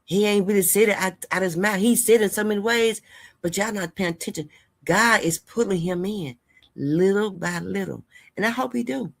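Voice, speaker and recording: A woman's voice: mid-range voice, moderate pace, vocal fry. A woman hosting her channel in a casual vlog monologue, chatty and rambling as she talks straight to her viewers and hands out heartfelt life advice. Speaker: host of a gossip and news channel.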